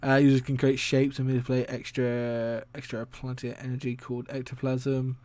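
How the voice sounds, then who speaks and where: A man's voice: medium pitch, little pitch movement, fairly quick, darkish tone, no echo. A man hosting a casual solo stream, rambling and chatty, laughing often and swearing casually. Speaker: streamer and podcast host.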